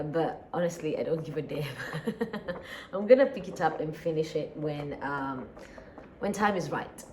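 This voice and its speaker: A tired, sleepy daily vlogger with an East African accent chats casually and rambles, sighing and laughing often. Her voice is deep, and there's a little hiss or hum in the background.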